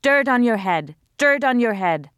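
A woman voicing a scornful, sharp-tongued older wife. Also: mid-range voice, expressive, normal speed, no echo, clean studio sound, natural voice. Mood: furious. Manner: mocking, accusing. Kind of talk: audiobook character voice.

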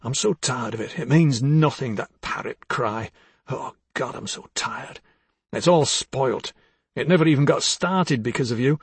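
A man reading the part of a bitter, jealous older husband, accusing and husky, dropping to hushed tones and rising to harsh outbursts. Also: medium pitch, unhurried, no echo. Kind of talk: dramatic audiobook reading.

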